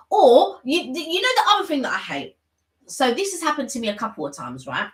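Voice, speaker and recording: A woman's voice: a little high, a little fast, reverberant, poor audio. A woman co-hosting a live stream, chatting casually and rambling through long stories with lots of restarts. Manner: chatty, rambling, with many restarts and animated retellings. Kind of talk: casual chat.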